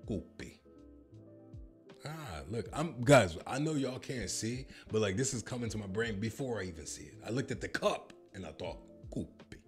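A man's voice: fairly low pitch, lively intonation, moderate pace, soft background music. A man filming a comedic reaction vlog, joking and swearing as he tries a language app. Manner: jokey, swears, bursts into mock announcer voice.

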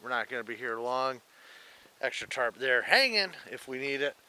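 A man narrating a casual camping vlog outdoors in a forest, relaxed and rambling as he talks to his dog. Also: medium pitch, moderate pace, smooth. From Michigan. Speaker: camping vlogger.

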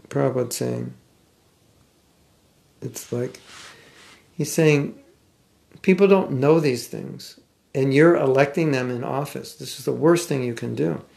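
An older American man with a General American accent giving a scripture class, speaking thoughtfully with some halting restarts and reading passages aloud. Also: medium pitch, gravelly, a little mellow. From United States. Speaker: spiritual teacher. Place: class room.

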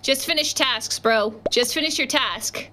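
A young adult woman streaming a game live, chatting casually with viewers in slangy talk and sudden loud outbursts. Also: high voice, measured pace. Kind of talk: casual livestream gaming chat. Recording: noticeable background noise.

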